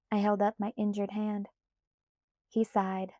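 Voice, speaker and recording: A woman narrating a first-person novel as an audiobook with an expressive, measured reading. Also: medium pitch, no echo, clean studio sound.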